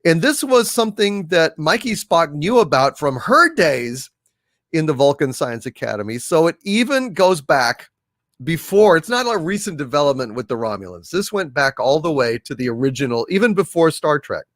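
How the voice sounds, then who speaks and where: A man co-hosts a live pop culture show, ranting indignantly and emphatically in casual live-stream commentary while often restarting his sentences. His voice is on the high side, sing-song, and fairly bright, at a moderate pace, with a dry studio-quality sound.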